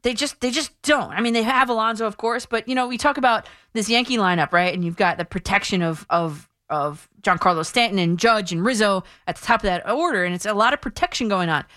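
A woman's voice: mid-range voice, a little fast, hardly any pauses, a bit bright, no echo. Woman hosting sports talk radio, dry studio sound. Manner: opinionated, chatty, frequent restarts. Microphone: studio mic.

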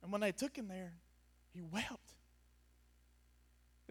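High-voiced impassioned preacher man. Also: lively intonation, unhurried, long pauses, slightly rough. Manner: impassioned, swings between quiet reflection and raised, near-shouted pleading. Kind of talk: sermon. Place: before a gathered audience in a room.

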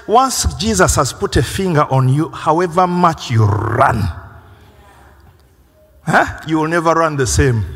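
Man, pastor, lively sermon, high voice, long hall reverb. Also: a little hiss or hum. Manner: animated preaching, acting out quoted voices, laughing with the congregation.

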